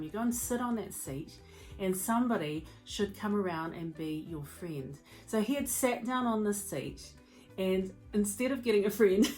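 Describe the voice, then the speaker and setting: A woman giving a motivational talk as a mental health speaker and educator, telling stories in an expressive, conversational way. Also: mid-range voice.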